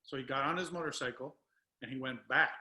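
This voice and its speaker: A man's voice: mid-range voice, a little fast, bright, forceful tone, rough recording. A man speaking as a guest on a video call, telling a spiritual story with emotion. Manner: emotional, tearful at times.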